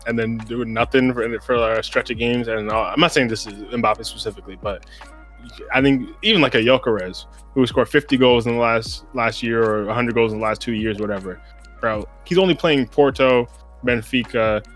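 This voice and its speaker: A man's voice: mid-range voice, moderate pace, fairly bright tone, soft background music. A man with an American accent co-hosting a casual sports podcast. He rambles in a laid-back way and keeps saying "bro.". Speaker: podcast co-host.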